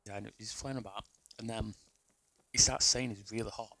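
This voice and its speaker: A man's voice: fairly low pitch, steady tone, brisk, creaky, bright, forceful tone, slight background noise, rough recording. A young man, telling a rambling, sweary personal story in a casual way. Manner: rambling, sweary, restarts a lot.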